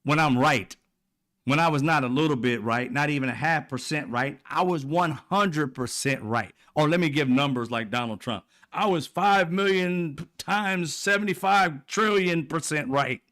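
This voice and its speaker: A man's voice: normal speed, fairly bright tone. Profane, mocking male political ranter. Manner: profane, mocking, laughs often, mimics people in high voices. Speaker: political commentary host. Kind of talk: animated political rant.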